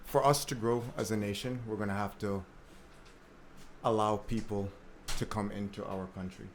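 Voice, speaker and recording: A man's voice: fairly low pitch, steady tone, normal speed, slight background noise. A man from Jamaica speaking as a panelist in a panel discussion, telling a story with energy and repeating words while he searches for them.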